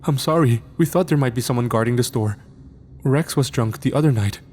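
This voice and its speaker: A man's voice: medium pitch, a little fast, darkish tone, husky, voice pushed up, lightly acted. A man voicing a frightened teenage boy who stutters and pleads, in a spoken horror story. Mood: nervous.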